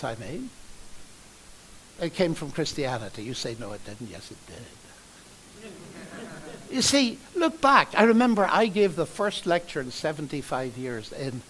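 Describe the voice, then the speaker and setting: An older man giving a lively, conversational public lecture in a large university hall, telling stories and asking the audience rhetorical questions. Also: high voice.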